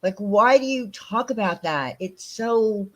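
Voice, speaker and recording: A woman's voice: medium pitch, expressive, measured pace. A woman hosting a casual livestream chat, talking in a heated, profane and rambling way. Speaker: channel host.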